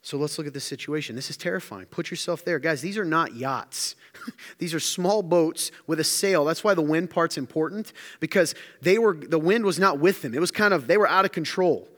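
A man preaching a sermon as a pastor, telling stories with lively acted-out quotes. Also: fairly high pitch, normal speed. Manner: animated storytelling, acts out quotes. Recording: live hall reverb.

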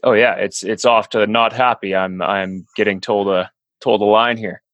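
A man hosting a podcast interview, reacting and asking questions in a conversational, halting way. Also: lowish voice, steady tone, a bit bright, no echo. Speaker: podcast host.

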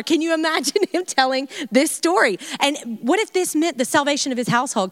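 A woman leading a casual Bible study, chatty and animated, with playful asides and laughter. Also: sits high, a little fast, hardly any pauses, no room sound.

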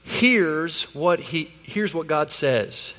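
A man preaching a sermon as pastor, conversational and animated, with sudden loud peaks. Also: on the high side, drawn-out words, long reverb tail.

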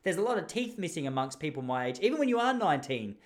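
A man's voice: on the high side, fast talker. A young Australian man hosting a podcast, telling rambling, jokey stories in casual chat. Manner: rambling, jokey, animated storytelling with laughs. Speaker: podcast host.

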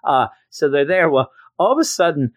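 A man casually recapping a comic book story, animated and slipping into voices for the characters. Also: fairly high pitch, normal speed, dry recording. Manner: animated retelling, acts out quotes. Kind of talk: casual review chat.

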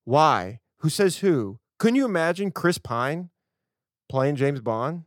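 Ranting American man, fairly high voice. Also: big pitch swings, takes it slowly, dry recording, clean studio sound. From United States. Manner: ranting, emphatic, with sarcastic asides. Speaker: podcast co-host. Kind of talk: casual film chat.

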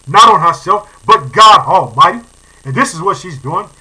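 Fervent high-voiced bright male preacher. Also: animated, moderate pace, rough recording. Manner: fervent, repeats phrases, calls listeners family. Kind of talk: sermon reading and preaching.

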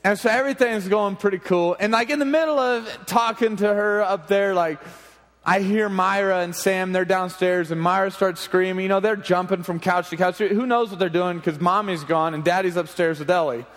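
A man in his thirties, a junior high pastor, telling a funny family story in an animated, laughing way. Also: moderate pace. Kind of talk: storytelling sermon. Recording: long hall reverb.

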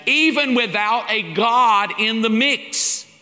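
A man's voice: very high-pitched, slow pace, sharp tone, soft background music. A man preaching a sermon-style lesson in a folksy, humorous way, acting out little dialogues. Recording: long hall reverb.

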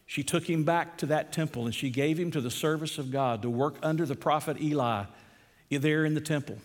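A man preaches a sermon as pastor in an emphatic manner, slowing down to stress key phrases. His voice is medium-pitched and the sound carries the feel of a big room.

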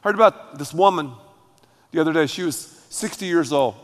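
A pastor preaching a sermon, emphatic and dramatic, calling on the congregation to repeat after him. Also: male voice, a little high, normal speed. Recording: long hall reverb.

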